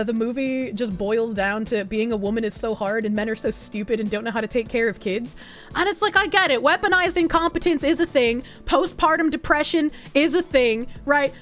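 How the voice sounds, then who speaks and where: Very high-voiced ranting woman streamer. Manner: loud, profane and ranting, laughing often. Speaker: streamer reacting to a movie. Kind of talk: casual live-stream commentary.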